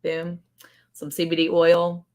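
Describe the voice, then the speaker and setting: A woman's voice: on the low side, completely flat delivery, takes it slowly, a little mellow. A middle-aged woman co-hosting a casual live stream. She chats in a bubbly way, laughs often and reads viewer comments aloud. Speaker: co-host of a ranch livestream.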